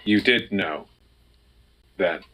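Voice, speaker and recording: A man's voice: low-pitched, drawn-out words, a bit bright, a little hiss or hum, poor audio. A man co-hosting a casual reaction commentary, sarcastic and incredulous. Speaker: co-host reacting to videos.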